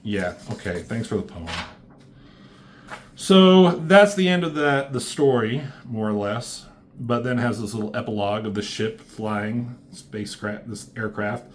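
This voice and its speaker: A man's voice: fairly low pitch, unhurried, slight background noise. Offhand, swearing man recapping comics. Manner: rambling, swears freely, loose and offhand. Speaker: comic book reviewer.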